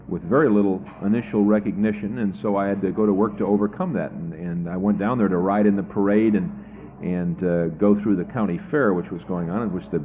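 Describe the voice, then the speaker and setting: A tired male political candidate tells stories in a radio interview, doubling up his opening words as he talks. His voice sits low, and the sound is thin and tinny, like an old archival broadcast. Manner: chatty storyteller, repeats words when starting sentences.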